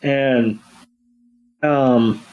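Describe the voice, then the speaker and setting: Slow, rambling man in the middle range. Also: medium pitch, steady tone, lo-fi sound. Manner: rambling, many ums and restarts. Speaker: podcast co-host. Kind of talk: casual episode recap.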